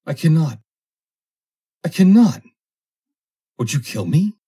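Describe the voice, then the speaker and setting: A man reading an audiobook, voicing a terrified, cowardly grown man who pleads in a shrill, panicky voice. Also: very animated, a little slow, darkish tone, breathy edge, exaggerated voice. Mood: panicked. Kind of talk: audiobook character voice.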